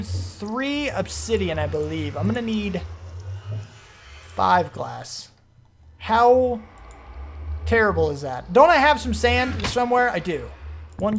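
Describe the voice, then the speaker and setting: A man commenting on his own gameplay as he plays, rambling through explanations and breaking into panicky, excitable outbursts. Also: high voice, a little hiss or hum. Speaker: gaming video host.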